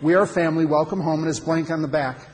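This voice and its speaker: A man with a high voice tells a personal story to a men's gathering, emphatic and animated, with pauses for effect. His words echo through a large hall with a long reverb. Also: slight background noise. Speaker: speaker at a men's conference. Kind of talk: storytelling talk to an audience.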